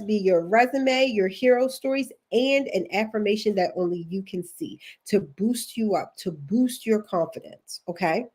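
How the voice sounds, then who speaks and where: A woman's voice: on the high side, warm tone. Chatty Baltimore woman coaching live. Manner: chatty, encouraging, reads viewer comments aloud. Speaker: career coach hosting a livestream. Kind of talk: casual livestream coaching.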